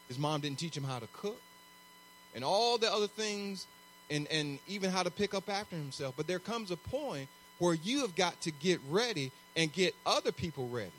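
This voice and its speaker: Male pastor, high voice, lively preaching style, faint hum behind. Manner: animated, conversational preaching with acted-out asides. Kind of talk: sermon.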